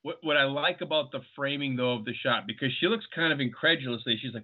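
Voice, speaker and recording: A man's voice: medium pitch, quick pace. A man guest on a podcast, explaining points at length in casual film talk and acting out short quotes. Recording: tinny phone-like line.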